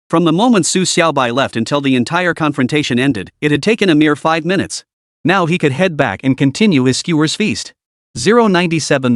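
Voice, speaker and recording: A man giving scripted narration of a fantasy story recap in an even, measured way. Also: fairly high pitch, dry recording, clean studio sound.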